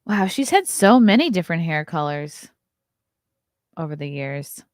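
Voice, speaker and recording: A woman's voice: deep voice, sing-song, a little slow, dry recording, studio quality. A woman, hosting a casual live stream, chatty and riffing, laughing often. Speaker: host.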